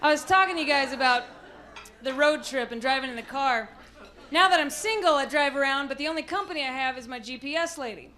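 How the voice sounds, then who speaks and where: High-voiced American woman doing stand-up. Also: quick pace, a crowd in the background. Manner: storytelling, acting out bits in mocking voices. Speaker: stand-up comedian. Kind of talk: stand-up comedy set. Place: comedy club stage. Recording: live club recording, audience laughter.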